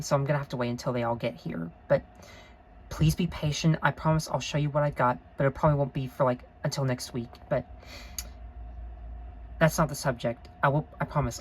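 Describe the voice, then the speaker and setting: Lady vlogger w a really deep voice, rambly n emotional, keeps saying sorry. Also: a little hiss or hum, low-quality recording. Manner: earnest, rambling, apologetic; emotional, gushing. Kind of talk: unscripted review vlog.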